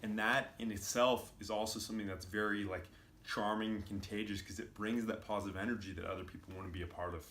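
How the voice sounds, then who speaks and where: A man's voice: lowish voice, fairly even intonation, fast, a bit bright. Man explaining casually in a roomy space. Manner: loose, filler-heavy explaining. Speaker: video commentator. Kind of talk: casual commentary on clips. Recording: roomy with faint noise.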